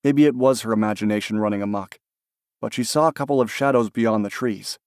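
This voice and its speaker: Calm male audiobook narrator, dry sound. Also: on the low side, fairly quick, smooth, dry recording. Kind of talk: scripted narration.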